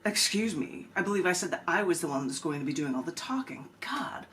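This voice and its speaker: A preachy ghost of a founding father phones up and scolds at length in a blustery, lecturing tone, read by a woman. The voice sits low, and a faint ambient hum lies underneath. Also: lively intonation, brisk, fairly bright tone. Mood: snippy.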